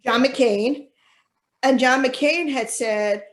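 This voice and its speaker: A woman's voice: high-pitched, very slow. A young woman co-hosting a casual podcast, chatty and thoughtful, with many fillers. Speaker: co-host.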